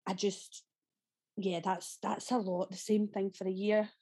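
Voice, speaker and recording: A woman's voice: medium pitch, little pitch movement, a little slow, mellow, slightly rough. Chatty Glaswegian woman, laughing and swearing. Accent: Glaswegian Scottish. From Scotland. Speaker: guest actress. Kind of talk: casual podcast interview.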